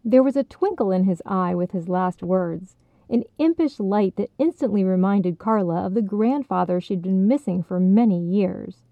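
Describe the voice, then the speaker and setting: Calm woman narrator, tinny sound. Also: medium pitch, normal speed, no echo. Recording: dry, tinny phone-like sound.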